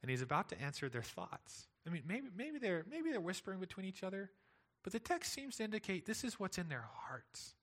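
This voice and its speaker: Man, pastor, bright and forceful tone, slightly higher voice, earnest sermon delivery with rhetorical questions. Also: sing-song, fairly quick.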